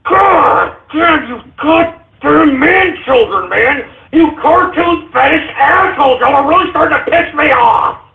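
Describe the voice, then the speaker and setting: A man hosting a call-in radio show who rants, shouts and curses in exasperation at his callers. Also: very high voice, animated, measured pace, gravelly, few pauses, phone-quality sound. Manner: exasperated ranting, shouting and cursing.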